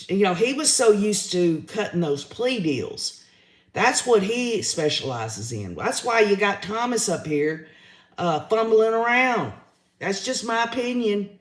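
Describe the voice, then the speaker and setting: A man's voice: high-pitched, fairly bright tone, roomy sound. A man, hosting a livestream, giving his opinions in a chatty way and reading out viewer comments. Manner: chatty, opinionated, says y'all often. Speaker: livestream host reading chat.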